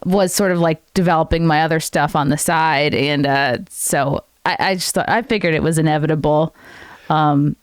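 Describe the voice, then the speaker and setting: Smooth-voiced woman hosting a chatty podcast. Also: low voice, fairly even intonation, dry recording, studio quality. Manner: chatty, quick to laugh, trails off mid-thought. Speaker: podcast host. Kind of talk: casual chat. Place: podcast studio.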